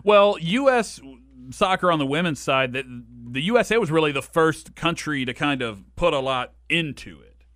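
A man co-hosts a casual sports podcast, his voice on the high side, expressive and a bit bright, at normal speed. The recording is dry with clean studio sound. He talks at length, restarting frequently and voicing firm opinions.

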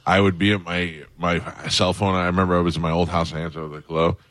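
A man's voice: sits low, flat delivery, quick pace, fairly bright tone, no room sound. A man hosting a radio show, chatting casually and enthusiastically with his guest. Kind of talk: casual interview chat.

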